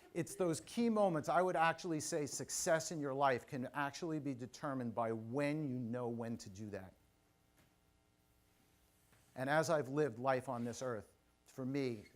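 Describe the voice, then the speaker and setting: A middle-aged man giving a motivational keynote at a conference, telling a personal story with quick asides and questions to the audience. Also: medium pitch. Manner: animated, audience-engaging, personal anecdotes with asides. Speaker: keynote speaker. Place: conference stage before a live audience.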